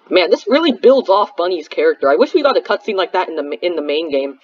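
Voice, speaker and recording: A man's voice: sits high, very animated, fast talker, distant mic. A man doing game commentary as a YouTuber, reading dialogue aloud with joking, chatty reactions. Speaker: gaming YouTuber. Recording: dull lo-fi mic.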